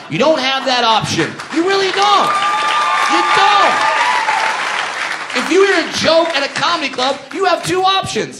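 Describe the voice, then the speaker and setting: A man doing a stand-up set, ranting emphatically and shouting his punchlines in a comedy club. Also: very high-pitched, noisy background. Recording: comedy club with audience laughter. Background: crowd laughing.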